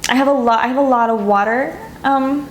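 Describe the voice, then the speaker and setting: Woman, tarot reader, soft and emotional, echoey room with faint hiss. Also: high voice, brisk. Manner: soft, emotional, gets teary and laughs. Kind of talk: pick-a-card tarot reading to camera.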